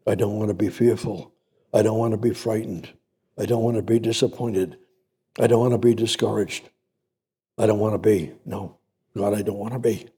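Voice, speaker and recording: A man's voice: mid-range voice, mellow, breathy edge, big-room sound. A man preaching a sermon, reading scripture aloud and repeating key words for emphasis. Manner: repetitive, building emphasis, reads scripture aloud.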